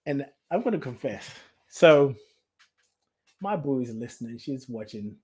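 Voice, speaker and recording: A man's voice: medium pitch, animated, measured pace, a little mellow, breathy edge. A man hosting a spiritual talk show, speaking from the heart in an emotional, repetitive way and reading out listener comments. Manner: heartfelt, emotional, repeats himself. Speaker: podcast host.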